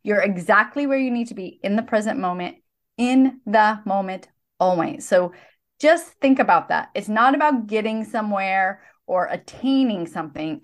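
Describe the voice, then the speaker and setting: A woman co-hosting a podcast, talking earnestly and explaining in a casual chat. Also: medium pitch. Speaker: podcast co-host.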